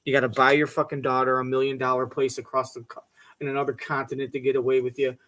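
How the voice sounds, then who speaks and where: A man's voice: mid-range voice, completely flat delivery, fast, fairly bright tone, a little hiss or hum. A man ranting in a mocking, profane comedic way, swearing freely and putting on voices. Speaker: commentator reacting to a talk show clip.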